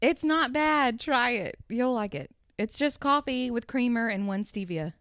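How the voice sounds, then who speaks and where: A woman's voice: on the high side, expressive, a little slow, fairly bright tone, no room sound. A woman co-hosting a podcast in casual, joking chat; she teases bluntly and laughs often. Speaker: podcast co-host.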